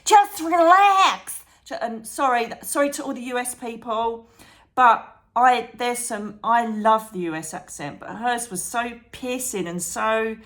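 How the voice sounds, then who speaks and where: A woman chatting to camera about meditation as a psychic medium and channel host, animated, calling viewers darling and trailing off mid-thought. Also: fairly high pitch. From England. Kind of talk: chatty advice vlog to camera.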